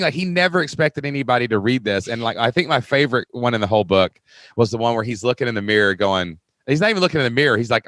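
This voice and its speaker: A man hosting a podcast in casual conversation, excitable and slangy, often jumping up in pitch when he acts out quotes. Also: fast, no echo, studio quality. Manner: excitable, slangy, says "dude" and "man" a lot; jumps high in pitch when acting out quotes. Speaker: podcast host.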